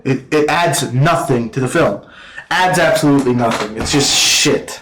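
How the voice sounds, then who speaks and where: A man giving a casual, rambling film review, swearing constantly and filling every pause with "like" and "uh.". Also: medium pitch, fairly bright tone, reverberant, slight background noise, poor audio. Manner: profane, rambling, full of fillers. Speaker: movie reviewer.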